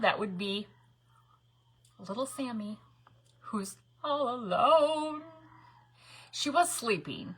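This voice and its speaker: Middle-aged woman, craft livestream host; bright and slightly high, with a husky edge, chatty and laughing. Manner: chatty, greets viewers by name, laughs often. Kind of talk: casual live-stream chat. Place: craft room at home.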